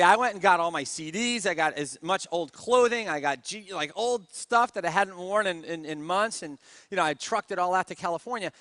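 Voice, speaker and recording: A man, a network marketing speaker, telling his story in a lively motivational talk and often asking the audience questions. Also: sits high, no room sound, clean studio sound. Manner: energetic storyteller who keeps asking the crowd.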